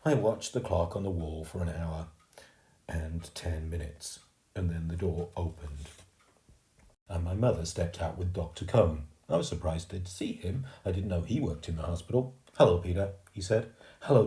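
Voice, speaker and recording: A man reading a children's book aloud as a storyteller, slow and expressive, in a roomy recording. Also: low-pitched. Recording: roomy echo.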